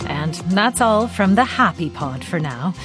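A woman's voice: on the low side, animated, unhurried, music in the background. A woman hosting a news podcast, reading a scripted presentation. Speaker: podcast host.

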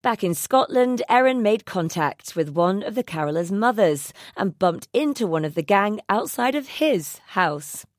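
A woman's voice: medium pitch, animated, unhurried, hardly any pauses, dry recording, studio quality. A woman reporter narrating a scripted news package.

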